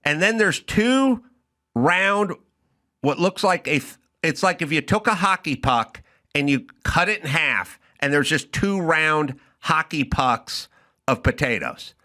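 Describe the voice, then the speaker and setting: A man's voice: on the high side, expressive, measured pace, bright, forceful tone. A man hosting a talk show, ranting with profanity and exasperation in a comedic way. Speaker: podcast host. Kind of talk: comedic rant.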